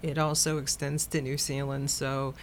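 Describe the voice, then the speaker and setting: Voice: mid-range voice, level tone, normal speed, slight background noise. A guest from Hawaii telling long, rambling anecdotes in a casual chat, with plenty of fillers along the way.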